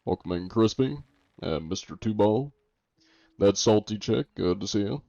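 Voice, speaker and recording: Young American streamer, wry and joking, mellow dark tone. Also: male voice, fairly low pitch, lively intonation, normal speed, gravelly, no echo. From United States. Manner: joking, reads chat aloud and answers it. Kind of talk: casual livestream chat. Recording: dull lo-fi stream audio.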